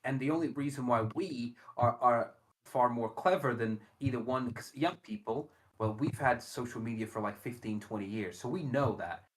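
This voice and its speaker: A man in casual podcast chat who rants with lots of swearing. His pitch sits in the middle range, and he jumps into animated asides. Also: normal speed. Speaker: podcast co-host.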